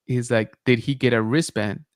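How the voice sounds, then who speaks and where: Man, podcast host, casual storytelling, animated, filler-heavy, dry room. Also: mid-range voice, normal speed, no echo. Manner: animated retelling, many filler likes and rights.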